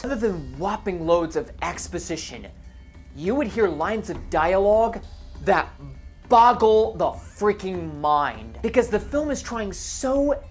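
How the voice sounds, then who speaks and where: A man narrating a movie review voice-over in a sarcastic, exasperated way. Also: sits high.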